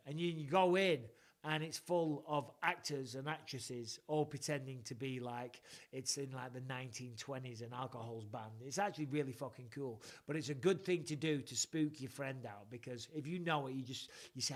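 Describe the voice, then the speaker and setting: A man's voice: medium pitch, moderate pace. A middle-aged English man hosting a casual live chat, rambling through stories and swearing freely. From England. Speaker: podcast host.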